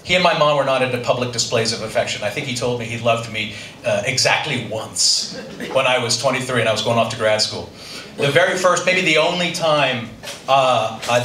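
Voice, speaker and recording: A man's voice: medium pitch, pushed and bright. Dry-humored middle-aged male storyteller. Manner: dry, self-deprecating humor. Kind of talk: live personal storytelling. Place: live stage before an audience. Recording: roomy, distant stage recording with audience noise.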